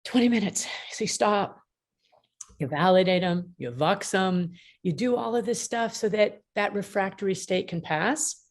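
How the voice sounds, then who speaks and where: Gravelly-voiced woman teaching with humor. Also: medium pitch, moderate pace. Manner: emphatic, humorous, acts out dialogue. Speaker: mediator and author being interviewed. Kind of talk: lively teaching talk with anecdotes. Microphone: video call.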